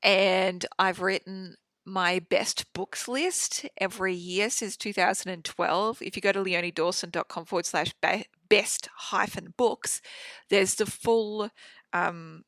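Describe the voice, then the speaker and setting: Effusive woman host in her 30s, gravelly edges, dry studio sound. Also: mid-range voice, slow pace, fairly bright tone, no room sound. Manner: chatty, sweary and effusive. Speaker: podcast host. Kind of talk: casual solo podcast monologue. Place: home studio.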